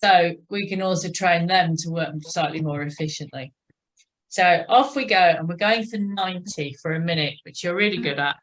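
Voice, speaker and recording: A woman leading a cycling exercise class, encouraging riders and counting out a steady tick-tock rhythm. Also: fairly low pitch, moderate pace. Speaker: cycling instructor.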